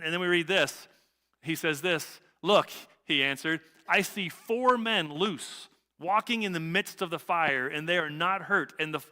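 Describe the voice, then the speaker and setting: A pastor preaches a sermon in a church sanctuary, talking casually and conversationally and tagging lines with "right?". His voice is fairly high-pitched with a sharp tone, and the recording carries church hall reverb.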